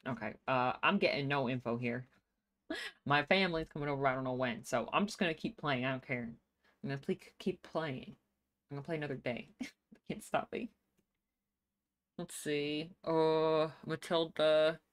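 Deep-ish voice lady streamer, chatty, laughs a lot while playing. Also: moderate pace. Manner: chatty, laughs often, reads chat aloud. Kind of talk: casual gameplay chat.

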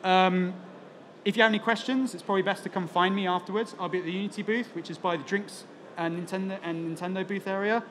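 A man's voice: high voice, steady tone, fast talker, fairly bright tone, slight background noise. A man presenting on stage at a conference as a product evangelist, chatty and joking, with lots of fillers. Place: conference talk in front of an audience.

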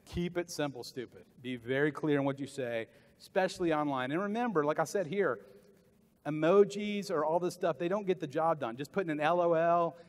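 A middle-aged man from the American South giving a motivational sales talk at a conference, animated and jokey, acting out voices for the people he quotes. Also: fairly high pitch, brisk. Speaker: keynote sales speaker. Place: large conference hall. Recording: long hall reverb.

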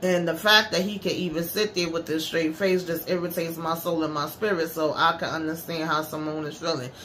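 A woman hosting a casual recap of a TV episode, retelling scenes in an animated, sassy, slangy way. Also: deep voice, a little fast, a little hiss or hum. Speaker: show recap host.

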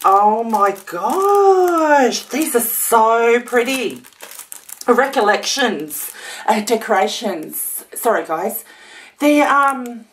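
A woman chatting casually to camera while unboxing a gift parcel, gushing and gasping with excitement. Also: a little high. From Australia. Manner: gushing, gasping, many exclamations. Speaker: vlogger.

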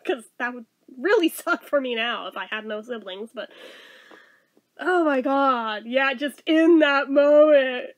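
A woman telling a storytime vlog in a casual way, swearing and laughing to the point of tears. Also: sits high. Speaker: vlogger.

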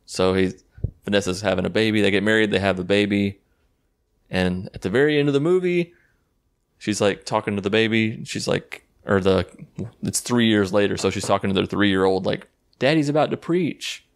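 A man's voice: fairly low pitch, normal speed, vocal fry, clear, resonant tone. A man giving a casual, rambling and sarcastic recap of a movie, swearing freely as he goes. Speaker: YouTube movie reviewer.

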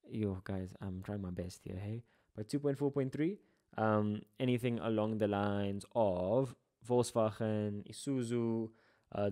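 A man's voice: medium pitch, dark tone. A young man with a South African Durban accent, walking through exam answers as a geography tutor in a casual lesson, with chatty asides and playful slang.

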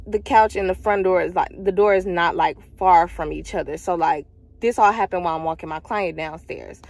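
A woman's voice: fairly low pitch, no room sound. A young woman vlogger chatting casually as she tells a personal story, emphatic and rambling, talking straight to her viewers. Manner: animated, emphatic retelling with loud acted quotes; slangy, rambling, addresses viewers as y'all.

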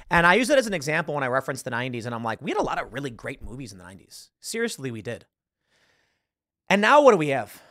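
A man's voice: a little high, big pitch swings, very fast, a bit bright, dry recording, clean studio sound. A man hosting a casual talk show, rambling about films while searching online and acting out lines. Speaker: podcast host. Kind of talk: casual commentary.

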